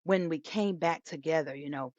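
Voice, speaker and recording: A woman's voice: sits low, moderate pace, a little mellow, dry recording. A woman co-hosting a podcast, telling personal stories in a boisterous, emphatic way. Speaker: podcast co-host. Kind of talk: casual podcast chat. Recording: dull, lo-fi, dry sound.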